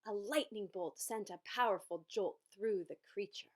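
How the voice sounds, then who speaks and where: With a mid-range voice and a moderate pace, this woman reads a children's picture book out loud in an expressive storytelling style.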